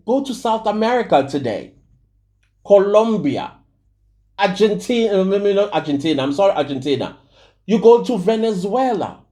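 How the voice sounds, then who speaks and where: South African man, heated preachy commentary, high lively voice, mellow tone. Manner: heated, preachy, repeats points for emphasis. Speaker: channel host. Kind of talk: impassioned commentary to camera.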